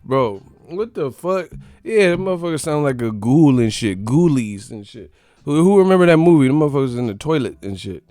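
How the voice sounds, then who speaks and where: A man's voice: a little high, big pitch swings, a little fast, dark tone, no room sound, clean studio sound. A man hosting a casual boxing chat, ranting and joking with lots of profanity. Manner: profane, joking, riffing rants. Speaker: boxing commentary host.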